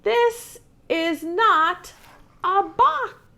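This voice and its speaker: A woman voicing a small, stubborn male bunny who insists on every word, slow and emphatic. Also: extremely high pitch, expressive, vocal fry, pushed and bright, voice pushed up, exaggerated voice. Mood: insistent.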